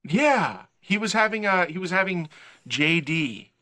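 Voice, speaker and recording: Bright, high-voiced animated man. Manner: animated, mimics characters in quick asides. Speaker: podcast guest. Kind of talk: casual comedic movie review chat.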